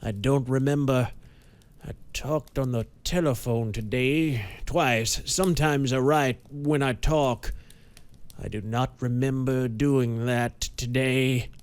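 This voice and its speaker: Man doing a rich old-money millionaire, hoarse and rasping, haunted, slow and pained, pulp audiobook. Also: medium pitch, steady tone, close to an everyday voice. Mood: frightened agitated. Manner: speaks slowly and painfully. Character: rich middle-aged male millionaire, haunted and frightened.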